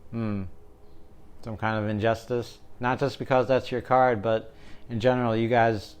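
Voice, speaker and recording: A man's voice: medium pitch, level tone, moderate pace, clear, resonant tone. A young man giving a casual tarot reading, joking and rambling, often checking in with "right?". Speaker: tarot reader.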